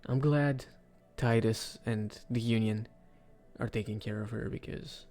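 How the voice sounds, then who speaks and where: A man giving casual, rambling commentary for a video, with sudden excited outbursts. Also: on the low side, measured pace, faint music behind. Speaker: video creator. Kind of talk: casual commentary ranking game characters.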